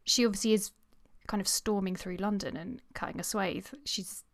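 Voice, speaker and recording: A woman's voice: mid-range voice, fairly even intonation, normal speed, no room sound. A woman co-hosting a podcast, talking in a chatty way about a novel and often repeating words as she starts. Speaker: podcast co-host. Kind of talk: casual book discussion and reading aloud.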